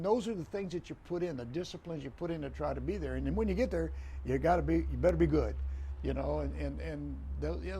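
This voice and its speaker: An older man tells his stories at a quick clip, his slightly high voice roughened with gravel. He is animated, repeats his phrases and acts out what people said. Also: slight background noise. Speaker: guest, retired football referee. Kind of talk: storytelling in a podcast interview.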